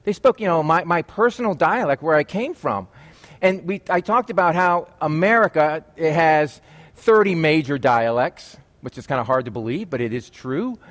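A man's voice: fairly high pitch, animated, normal speed. A man preaching a conversational sermon as a pastor, with chatty, joking asides to the congregation.

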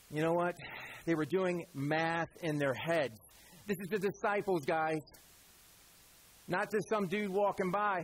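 A man preaching a conversational sermon, asking the congregation questions and acting out voices in quick asides. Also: high voice, slightly rough, poor audio. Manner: acts out voices in quotes. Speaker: pastor.

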